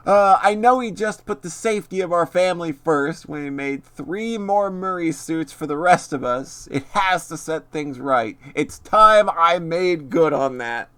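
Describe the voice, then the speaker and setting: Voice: medium pitch, expressive, a little slow, hardly any pauses, fairly bright tone. A streamer reading a determined game hero's lines aloud in a plain voice during a gameplay stream.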